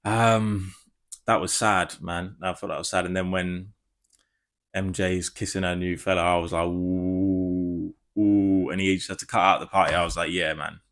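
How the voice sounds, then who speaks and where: A man giving a casual spoiler review, rambling and excitable, swearing freely. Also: sits low, moderate pace. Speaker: film reviewer.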